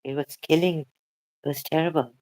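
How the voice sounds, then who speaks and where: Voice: mid-range voice, fairly even intonation, normal speed, a little mellow. A channel host talking emotionally and hesitantly in a casual livestream chat.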